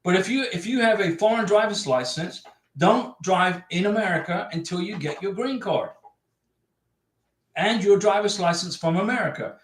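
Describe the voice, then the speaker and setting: A man's voice: sits high, normal speed. A man hosting a livestream, reading out viewer comments and giving advice in a chatty way, repeating his points for emphasis. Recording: echoey room.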